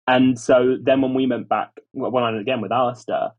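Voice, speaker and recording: Guy talking fast on a podcast, bit husky, dull lo-fi mic sound. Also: medium pitch, fairly even intonation. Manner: quick, breezy storyteller. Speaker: podcast guest. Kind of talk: casual podcast chat. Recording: lo-fi muffled mic.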